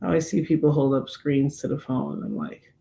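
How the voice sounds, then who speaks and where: A middle-aged woman hosting a livestream, chatting casually and telling animated stories while acting out the voices she quotes. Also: sits low, brisk, gravelly. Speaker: livestream host. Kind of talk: casual storytelling chat.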